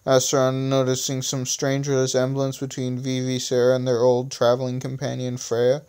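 A man's voice: medium pitch, completely flat delivery, normal speed, a little mellow, smooth. A man reading his own story aloud, stumbling and restarting often and adding self-mocking asides. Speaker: reader of his own stories. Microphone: phone screen recorder.

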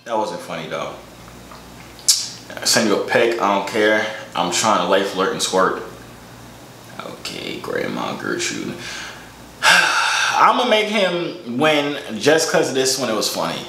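A man's voice: lowish voice, animated, unhurried, pushed and bright. A young man hosting comedic reaction commentary, joking and wry while he eats. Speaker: host. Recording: roomy room echo, faint noise.

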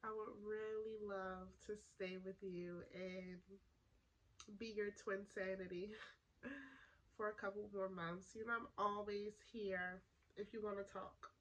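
A woman playing an emotional young woman making up with her twin, soft-spoken and hesitant with sighs, in a class role-play. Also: mid-range voice, steady tone, takes it slowly, muffled recording, natural voice. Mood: tearful.

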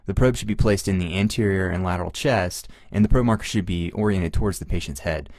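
A man's voice: sits low, fast, a little mellow, dry recording, studio quality. A man hosting a medical podcast, chatty and self-deprecating as he sums up lecture slides. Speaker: podcast host. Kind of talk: casual explanatory podcast narration.

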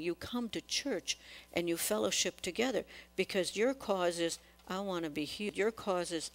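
A woman preaching a sermon in a church, asking the congregation questions and acting out quotes. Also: on the low side.

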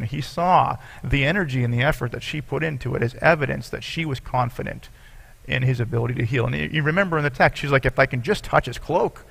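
A man with a gravelly, creaky voice preaching to his congregation. He reads scripture aloud and explains it earnestly, as a pastor would. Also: mid-range voice, fast talker, a bit bright. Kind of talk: sermon.

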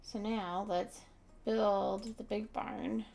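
Tired, chatty woman with gravelly voice. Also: medium pitch, fairly even intonation, drawn-out words, darkish tone. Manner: chatty, talks to chat viewers. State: tired, yawning. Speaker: gaming streamer. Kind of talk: casual gameplay commentary.

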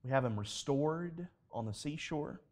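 A man preaching a sermon at a live church service, telling stories in an animated way and acting out the dialogue. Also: a little high, unhurried. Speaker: pastor.

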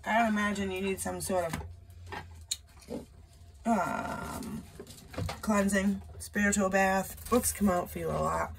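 Slow, gravelly woman reading tarot. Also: mid-range voice, steady tone, noisy background. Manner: slow, chatty, profane asides. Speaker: tarot reader.

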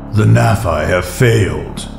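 A ruthless demonic sorcerer lord, who gives clipped, commanding orders in a very deep voice. A roomy echo and faint music sit under him. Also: male voice, normal speed, gravelly. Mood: cold.

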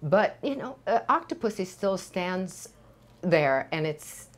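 An older woman from Sweden with a Swedish accent, a Swedish native speaking English as an actress guest in a candid studio interview, talking in a reflective, unhurried way with frequent pauses and fillers. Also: fairly low pitch, animated.

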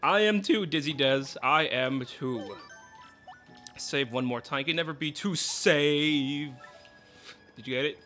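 A woman hosting a casual let's play, chatty and expressive as she reacts to the game. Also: deep voice, a little slow, pauses often, soft background music. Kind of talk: casual gameplay commentary.

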